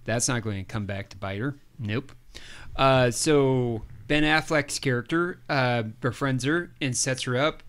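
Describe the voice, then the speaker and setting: A man's voice: mid-range voice, measured pace, fairly bright tone, clear, resonant tone. A man co-hosting a podcast, casually recapping a film's plot and acting out the characters' lines. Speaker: podcast co-host. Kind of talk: casual movie review chat.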